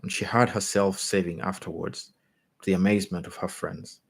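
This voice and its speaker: A man with a very low, husky voice reads a short story aloud. His pace is measured, and he sometimes stumbles and restarts a phrase. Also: fairly even intonation. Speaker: reader.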